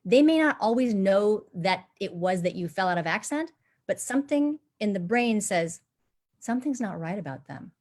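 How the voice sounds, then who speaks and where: A woman dialect coach explaining accent work on a live panel, animated and demonstrating sounds as she talks. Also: mid-range voice, moderate pace.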